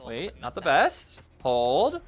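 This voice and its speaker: A man giving casual, excitable live commentary on a game match, rambling with lots of fillers. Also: a little high, slow pace.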